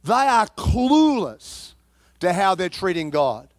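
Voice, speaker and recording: A man preaching a sermon in a lively, conversational way, with playful asides to the congregation. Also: high-pitched, takes it slowly, no room sound.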